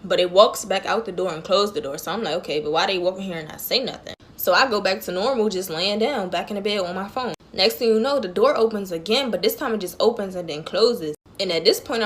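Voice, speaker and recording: A woman's voice: mid-range voice, quick pace, hardly any pauses. A woman chatting loosely to her phone camera as she tells a scary story, talking straight to her viewers.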